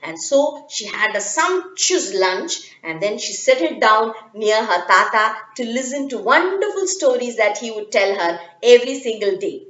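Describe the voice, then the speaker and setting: Lady telling a kids story, high lively voice, echoey lo-fi sound. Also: normal speed, hardly any pauses. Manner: expressive, dramatic storytelling. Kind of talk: children's story reading. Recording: echoey, dull lo-fi room.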